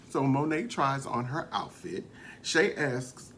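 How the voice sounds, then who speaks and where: A man giving a casual, gossipy recap of a reality show, animated and quick to laugh as he tells it. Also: on the high side, creaky, a little hiss or hum. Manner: gossipy and animated, often laughing, slips into quoting.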